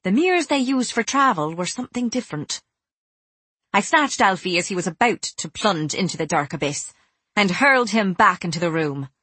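A woman narrating a first-person audiobook in a cool, measured way, turning quietly menacing in dialogue. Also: medium pitch, expressive, slightly rough, dry recording.

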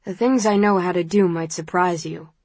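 A woman voicing a calm, stern middle-aged father who speaks quietly and with restraint, in an audiobook. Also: lowish voice, normal speed, husky, no echo.

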